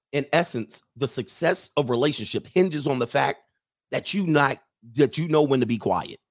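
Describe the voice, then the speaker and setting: A man lecturing bluntly as a relationship coach on a live-streamed show. He jokes provocatively, jumping between loud bursts and low muttered asides. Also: no echo, studio quality.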